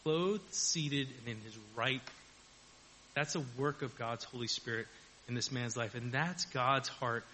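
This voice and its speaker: A man's voice: mid-range voice, measured pace, sharp tone, slight background noise, low-quality recording. A man preaching a conversational sermon, chuckling often and acting out quoted voices. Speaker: pastor.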